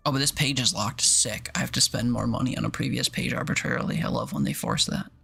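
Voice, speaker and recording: A man chatting casually on a game stream, rambling, joking and tossing in silly beeps and boops. His voice is tense and bright with a gravelly edge. Faint music plays in the background. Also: medium pitch, fairly even intonation, fast. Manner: rambling, jokey, makes mouth sound effects. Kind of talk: casual live-stream chat.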